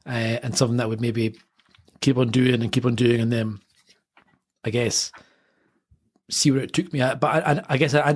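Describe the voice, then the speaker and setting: A man in his thirties talks through his story fast, circling back and correcting himself mid-sentence. His voice has a slightly husky edge. He has the loose, animated manner of an author in a casual interview. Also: mid-range voice. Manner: rambling, self-correcting, animated anecdotes. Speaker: author, podcast guest.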